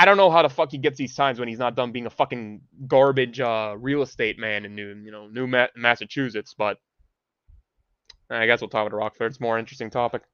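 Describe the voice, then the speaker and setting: A man's voice: medium pitch, bright, forceful tone, smooth, dry recording. Ranting man on a dull lo-fi stream. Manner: profane, ranting, full of restarts. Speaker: livestream host. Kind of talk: rambling livestream monologue. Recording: dull, dry lo-fi sound.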